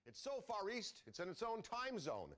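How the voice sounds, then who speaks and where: A man narrating an advertisement in a solemn, earnest, measured way. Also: high voice, huge pitch swings, a bit bright. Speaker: commercial narrator.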